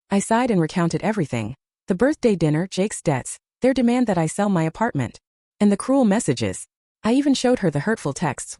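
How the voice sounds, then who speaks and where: Lively, mellow-voiced woman storyteller. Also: medium pitch, fairly quick, no room sound, studio quality. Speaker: story narrator. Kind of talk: scripted first-person story narration.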